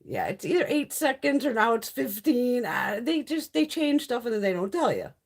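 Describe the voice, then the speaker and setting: Woman, middle-aged, husky, animated pitch, casual live-stream chat, blunt, swears a lot. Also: moderate pace. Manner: chatty and blunt, swears freely, laughs often. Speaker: beauty YouTuber hosting a live stream.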